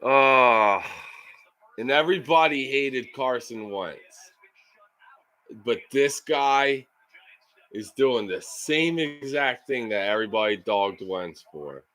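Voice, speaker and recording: A man's voice: medium pitch, expressive, takes it slowly, a bit bright. A man live streaming a football game, ranting and swearing in frustration at his team's play.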